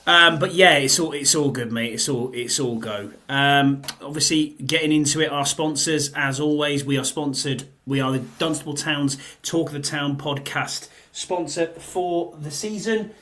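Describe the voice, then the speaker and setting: A man's voice: fairly high pitch, moderate pace, hardly any pauses, pushed and bright. Laid-back male sports podcast host. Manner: rambling and laid-back, with fillers and repeated phrases. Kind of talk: casual sports podcast chat.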